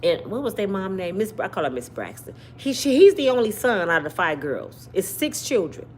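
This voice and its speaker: Animated woman with a lively pitch. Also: fairly quick, slight background noise. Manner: animated, talks to viewers directly, repeats and hedges with "allegedly". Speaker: commentary channel host. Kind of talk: casual commentary monologue.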